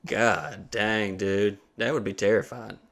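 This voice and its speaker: A man's voice: fairly low pitch, slow pace. Profane man telling stories. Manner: profane, animated, laughs often. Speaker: comedy podcast host. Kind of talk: casual comedic storytelling.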